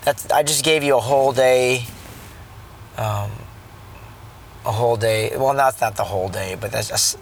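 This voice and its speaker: A man in his thirties speaks from the driver's seat, his mid-pitched voice carrying a rough, creaky edge. He rambles earnestly about being a dad, stumbling over restarts and slipping into a preachy tone. A faint car hum sits underneath. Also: normal speed, pauses often. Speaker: father sharing a parenting reflection. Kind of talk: casual vlog monologue turning preachy.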